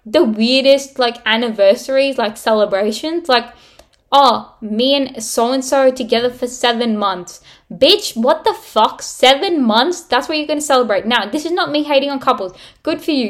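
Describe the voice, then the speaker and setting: A woman's voice: sits high, lively intonation, a little fast. A young woman hosting her own podcast, ranting bluntly in a casual, sweary way full of "like". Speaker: podcast host. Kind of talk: casual solo podcast rant.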